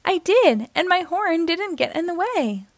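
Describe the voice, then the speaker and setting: Woman reading as a young girl seahorse from a rhyming storybook, high and eager, dry close sound. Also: measured pace, no room sound, heavily acted. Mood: cheerful. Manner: sing-song storybook rhyme, gently expressive.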